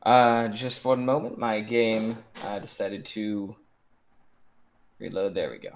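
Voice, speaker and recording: A man's voice: on the low side, steady tone, takes it slowly. Hesitant man playing a tabletop game. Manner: distracted, hesitant. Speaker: player. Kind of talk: casual chat over voice chat.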